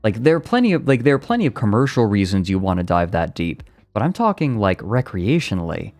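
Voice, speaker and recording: A man with a fairly low voice streams casually, reading an article aloud and cutting in with rambling, profane asides. Faint music plays softly underneath him. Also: big pitch swings, brisk, no room sound. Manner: profane, rambling asides between read passages.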